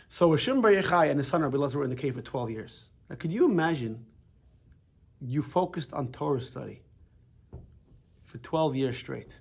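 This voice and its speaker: A rabbi teaching a casual Torah class, telling stories in an animated way with frequent restarts. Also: male voice, mid-range voice, creaky, husky.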